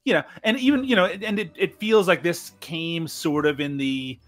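A man's voice: fairly high pitch, normal speed, fairly bright tone, soft background music. A man from Newfoundland, Canada, guesting on a podcast, chatting about a film with wry, dry jokes. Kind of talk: casual film review chat.

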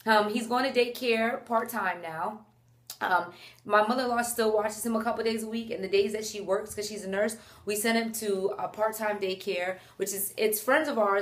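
A young woman chatting to the camera at home while holding her baby, animated and chatty, breaking off to talk to him. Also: medium pitch. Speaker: mom vlogger. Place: at home indoors.

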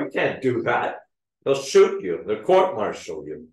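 Slow, booming preacher in an echoey hall. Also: male voice, huge pitch swings. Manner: preaching with rising emphasis on scripture quotes. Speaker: pastor. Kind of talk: sermon. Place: church. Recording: echoey church hall, mic at a distance.

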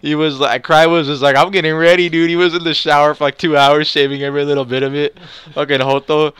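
A young man with a bright, clear voice tells a rambling, profane story in casual chat. He keeps restarting his sentences as he piles on details. The sound is close and dry, with no room around it. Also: fairly high pitch, level tone, fast talker, no room sound. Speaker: storyteller, channel host.

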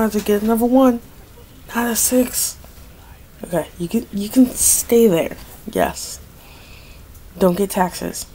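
A woman's voice: mid-range voice, darkish tone, slight background noise. A young woman giving casual gameplay commentary, dramatic and pleading, complaining that luck is against her. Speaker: gaming video creator.

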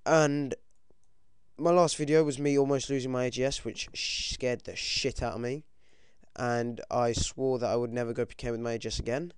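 Excitable British teen gamer, smooth dry voice. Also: male voice, mid-range voice, a little fast, dry recording. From United Kingdom. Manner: excitable, swears a lot, yelps when things go wrong. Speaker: gaming commentator. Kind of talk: casual game commentary.

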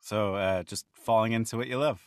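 A man's voice: fairly low pitch, steady tone, a little fast, clean tone, no echo, studio quality. A man hosting an interview, reading an introduction and asking questions in a loose, friendly way with many filler sounds. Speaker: interview host.

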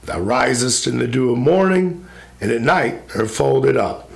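A mild male spirit gently urging a grieving companion to rise, as a man gives him voice. A gravelly, reassuring delivery in a poetry recitation. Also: medium pitch, expressive, unhurried. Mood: consoling.

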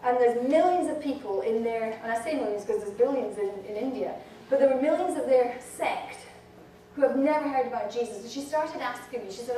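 A woman preaching a fervent sermon to a women's gathering, rising to shouts and dropping low. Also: brisk. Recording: echoey hall from far off, faint noise.

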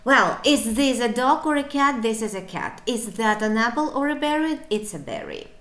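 A woman's voice: on the high side, expressive, moderate pace, a bit bright, roomy sound. A woman teaching a beginner English lesson, encouraging and playful, breaking into little asides. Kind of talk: online language lesson.

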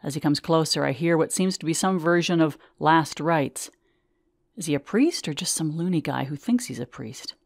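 A woman reading her own memoir aloud in measured, vivid first-person storytelling. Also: deep voice, creaky, no room sound.

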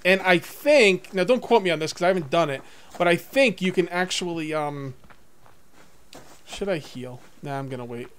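A young man giving casual gameplay commentary to viewers, excitable, swinging from muttering to whooping. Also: fairly high pitch, normal speed, long pauses, clear, resonant tone. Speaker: let's play gamer.

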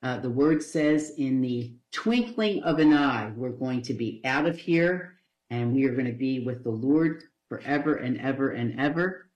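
A woman's voice: extremely low pitch, unhurried, darkish tone, lo-fi sound. Woman pastor preaching in an echoey room. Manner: conversational, repeats phrases, joking asides. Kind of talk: Bible study sermon. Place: church.

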